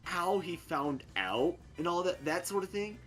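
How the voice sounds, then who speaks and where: A young man competing on an online game show, chatting casually, quick to laugh and full of "like". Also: high-pitched, over music. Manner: animated, quick to laugh, filler-heavy. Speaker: contestant. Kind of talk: casual chat.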